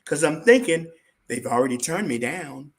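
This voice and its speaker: A man being interviewed as a guest, telling a personal story in an animated way and acting out what other people said. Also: a little high, normal speed, gravelly.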